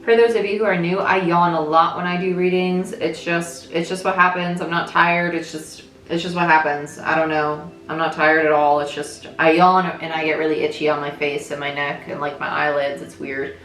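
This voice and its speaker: A woman's voice: low voice, little pitch movement, normal speed, few pauses, fairly bright tone. Chatty woman tarot reader, echoey room. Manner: chatty, thinks aloud, frequent "right?" check-ins. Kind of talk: casual tarot reading. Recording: echoey room with faint music.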